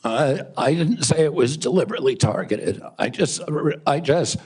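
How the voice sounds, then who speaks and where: An older man with a raspy voice, answering questions at a hearing in halting, hesitant short replies. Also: mid-range voice, expressive, darkish tone. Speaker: nominee under questioning. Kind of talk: hearing testimony.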